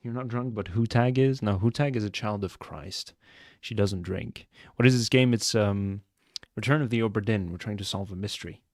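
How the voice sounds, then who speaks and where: A man's voice: fairly low pitch, moderate pace, few pauses, no echo, studio quality. A young man streaming a mystery game live, chatting and joking with his viewers as he plays. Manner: chatty, joking, answers chat.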